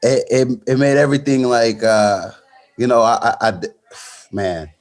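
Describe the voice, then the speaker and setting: A boxer appears as a guest in a casual interview, recounting a fight story with lots of restarts and fillers like "you know what I'm saying." His voice is medium-pitched, with fairly even intonation and a moderate pace.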